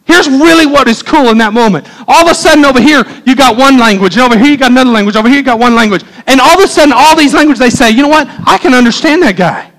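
A male pastor preaching a sermon, talking fast and excitably with many restarts. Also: very high voice, poor audio.

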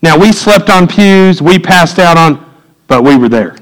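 A man, preaching a sermon in a church, swinging from loud emphatic peaks to low quiet asides. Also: lively intonation, unhurried, rough recording. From United States. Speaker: pastor. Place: church sanctuary.

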